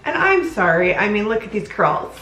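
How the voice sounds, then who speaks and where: A bubbly woman in her thirties talks casually to her viewers like a friend, her voice sitting at a middle pitch. Soft background music runs faintly beneath her chatter. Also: very animated, normal speed. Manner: chatty, bubbly, addresses viewers as "you guys". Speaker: vlogger, working mom. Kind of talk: casual vlog chat to camera.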